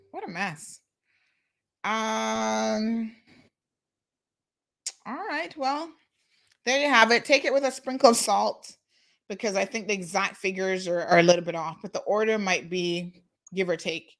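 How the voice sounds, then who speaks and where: A woman hosting a talk show, chatting casually with sassy asides to viewers. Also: medium pitch. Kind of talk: casual commentary.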